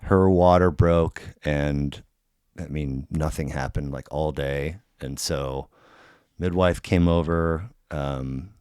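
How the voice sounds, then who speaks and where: A man's voice: a bass voice, steady tone, slow, dark tone, clean tone, no room sound, studio quality. A man telling a long personal story in casual, profane podcast chat, full of fillers and restarts. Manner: profane, rambling, filler-heavy.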